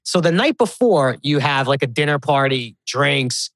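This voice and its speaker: A middle-aged man telling a long story as a podcast guest, animated and profane, full of fillers. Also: mid-range voice, normal speed, no room sound, clean studio sound.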